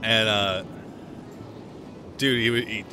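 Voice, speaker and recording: A man's voice: on the low side, fairly even intonation, extremely slow, over music. A man livestreaming in casual chat, joking and swearing, laughing often as he talks.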